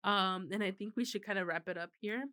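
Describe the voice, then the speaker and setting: A woman in her thirties co-hosts a podcast in a mid-range, clear, resonant voice with a sharp edge, talking fairly quickly. Her chat is casual, with frequent laughter and free swearing.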